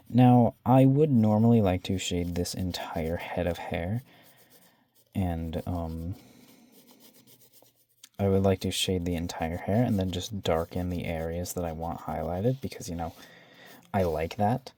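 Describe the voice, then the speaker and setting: A man's voice: deep voice, moderate pace, darkish tone, no room sound. A man casually narrating to himself as he draws, self-deprecating and swearing now and then, often trailing off into a whisper. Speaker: drawing vlogger. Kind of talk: casual narration while sketching.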